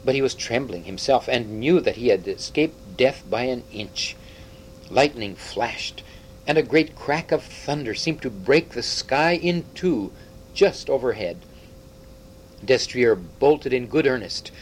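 A man narrating a storybook aloud with expressive, dramatic delivery. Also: mid-range voice, measured pace, a little hiss or hum, low-quality recording. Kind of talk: audiobook storytelling.

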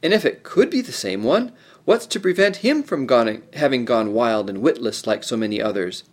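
A man's voice: mid-range voice, animated, moderate pace, darkish tone, close to an everyday voice. Trumpkin, a man voicing a blunt skeptical dwarf. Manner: stern, matter-of-fact. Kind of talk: storybook reading.

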